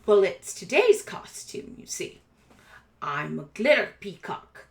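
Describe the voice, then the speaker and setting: A woman's voice: mid-range voice, very animated, slow pace, creaky, full character voice. A woman voicing a small, round, showy rat boy who boasts like an eager young performer. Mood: chatty. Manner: boastful, eager showman patter.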